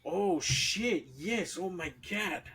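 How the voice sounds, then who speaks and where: A man co-hosting a casual news-roundup podcast, animated and excitable as he steers the conversation. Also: high voice, slow. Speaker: podcast co-host.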